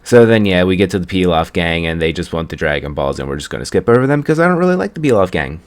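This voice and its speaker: A man's voice: sits low, very animated, fast talker. A young man casually recapping an anime episode in a rambling way, chuckling at the story as he goes. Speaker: anime reviewer.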